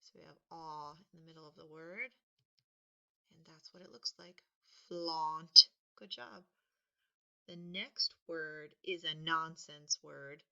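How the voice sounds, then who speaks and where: A woman teaching a spelling lesson, patiently sounding words out and stressing each one loudly. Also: low voice, steady tone, slow, gravelly. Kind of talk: slow, deliberate spelling lesson. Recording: dull lo-fi recording.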